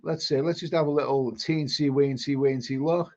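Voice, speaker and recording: A man's voice: mid-range voice, steady tone, moderate pace, darkish tone. A man hosting a casual live stream, reading viewer comments aloud and rambling, often repeating words and restarting his sentences. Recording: dull lo-fi sound.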